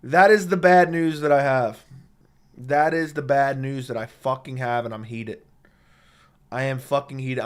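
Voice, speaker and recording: The voice is a smooth, mid-range male one. He's nursing a sore throat while casually streaming live, going through viewer comments and profanely roasting his chat into a studio dynamic microphone.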